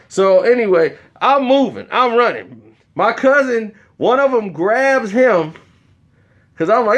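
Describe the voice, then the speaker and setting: A man telling a comedic story in an animated way, acting out the voices of the people in it. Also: high-pitched, moderate pace.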